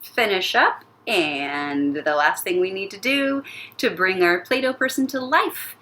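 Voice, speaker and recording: A woman leads a music lesson for young children, drawing out her words at an easy, unhurried pace. Her pitch swoops up and down in a lively, sing-song way, and she breaks into playful sound effects as she guides the class. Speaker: elementary music teacher.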